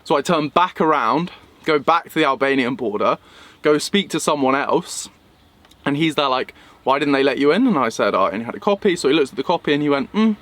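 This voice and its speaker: A young man from England recounting a travel mishap in a vlog, animated and acting out the people he met. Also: a little high, brisk. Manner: animated retelling, acting out quoted voices. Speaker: vlogger. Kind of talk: storytelling vlog.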